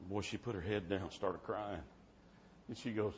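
Fervent preacher shouting in church. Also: male voice, fairly low pitch, steady tone, normal speed. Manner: fervent, swings from soft to shouting. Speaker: traveling preacher. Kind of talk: revival sermon storytelling. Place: church service. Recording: dull muffled sound with faint background hiss.

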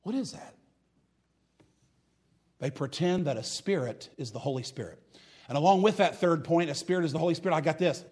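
A man's voice: a little high, fairly quick, long pauses, darkish tone, husky. A man preaching a sermon in a folksy, mocking manner. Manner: folksy, mocking, preaching with rising and falling intensity.

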